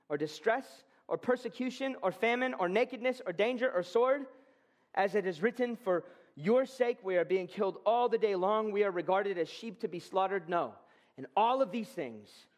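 High-voiced fervent male preacher. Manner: fervent preaching, swells loud and high for emphasis. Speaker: pastor. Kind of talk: sermon.

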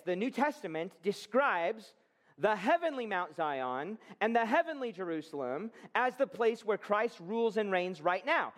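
Male pastor preaching a fervent sermon; high voice, swelling emphasis. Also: a bit bright.

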